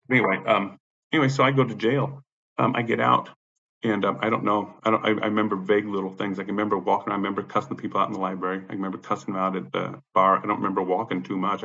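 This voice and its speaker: A man's voice: sits low, gravelly, pushed and bright, highs cut off. A man from the United States talking into his own camera at home, telling a rambling, agitated story full of swearing. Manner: profane, rambling, agitated, re-enacts what he said in raised voice. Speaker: vlogger recounting an ordeal. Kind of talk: raw unscripted monologue to camera. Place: at home, indoors. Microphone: camera or phone facing him.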